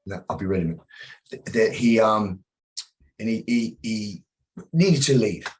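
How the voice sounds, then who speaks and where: Middle-aged man, low voice, blunt and sweary, a self-protection instructor swapping stories on a podcast. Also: animated, unhurried, darkish tone, poor audio. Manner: blunt, profane, acts out confrontations. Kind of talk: casual interview storytelling.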